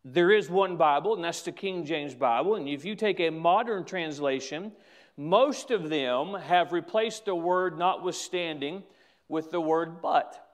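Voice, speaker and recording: Slow, deliberate high-voiced preacher. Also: male voice. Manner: slow, deliberate preaching with stretched emphasis on key words. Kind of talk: sermon.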